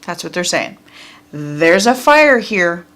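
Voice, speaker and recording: A woman's voice: lowish voice, big pitch swings, slow pace, a bit bright. A woman reading tarot cards for viewers in a casual, chatty way, talking straight to them and laughing often. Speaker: tarot reader.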